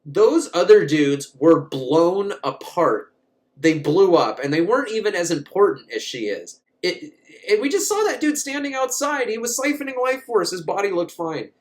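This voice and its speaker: A man's voice: high-pitched, sing-song, moderate pace. A man recapping a movie in a casual, comic way, rambling, swearing and often laughing. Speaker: movie reviewer.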